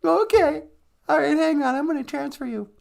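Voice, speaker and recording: A man's voice: very high voice, moderate pace, gravelly, darkish tone, pitched above the performer's own voice, heavily acted. A man voicing a chirpy young female phone receptionist who talks in a bubbly, sing-song way. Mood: perky.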